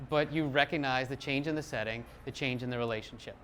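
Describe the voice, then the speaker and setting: A middle-aged man giving a live talk as a psychologist, lively and self-deprecating, acting out little quotes. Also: fairly high pitch, rapid-fire, hardly any pauses, slight background noise.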